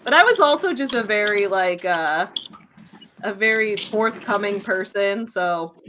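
A woman's voice: medium pitch, animated, unhurried, noisy background. A young woman co-hosting a podcast in casual chat, chatty and laughing often, with lots of fillers. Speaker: podcast co-host.

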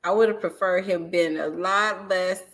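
A woman co-hosting a casual comedy podcast chat, telling quick stories and laughing often. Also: fairly low pitch, steady tone. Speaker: podcast co-host.

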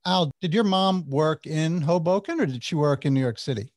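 A man's voice: a little high, moderate pace, darkish tone. A man interviewing a guest, asking short follow-up questions and reacting briefly. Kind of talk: conversational interview.

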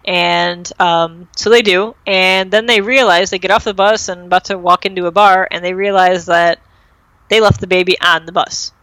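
A young woman chats her way through an episode recap, full of "um" and "like" and quick acted quotes. Her voice is bright and forward, recorded dry and close with no room sound. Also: fairly low pitch, fairly even intonation, no room sound, rough recording. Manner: chatty retelling with many fillers and acted-out quotes. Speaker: podcast host recapping a TV episode. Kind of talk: casual chat.

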